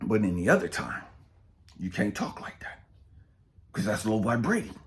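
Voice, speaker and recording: Blunt preachy man, lively pitch. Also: moderate pace. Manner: preachy and blunt, swings between loud and hushed. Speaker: spiritual coach. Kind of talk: motivational talk.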